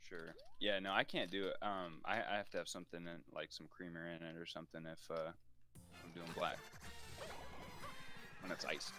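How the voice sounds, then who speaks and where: A man co-hosting a game stream, chatting in a mellow, easygoing way. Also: low voice, level tone, moderate pace, long pauses, soft background music. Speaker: co-host. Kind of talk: casual chat on a game stream.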